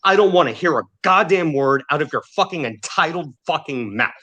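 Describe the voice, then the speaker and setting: A man tears into his target with a relentless, profane tirade. His voice sits a touch higher than most men's, and he spits insults at full anger in a loose podcast rant. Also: animated, fairly quick, dull audio, slight background noise. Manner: furious, heavily profane, shouting insults. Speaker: podcast host.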